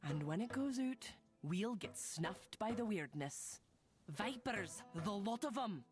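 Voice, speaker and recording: A woman's voice: medium pitch, animated, slow. An actress voicing a stubborn, wary old farm woman in game dialogue, blunt and grumbling. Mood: scornful. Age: older. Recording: game audio with loud music underneath.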